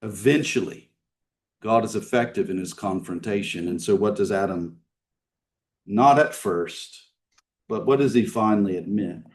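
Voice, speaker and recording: A male pastor preaches in a church sanctuary, conversational and plain, constantly asking his listeners rhetorical questions. He swings between emphatic lines and hushed ones, sounding somewhat distant from the mic, with a lowish voice at a moderate pace.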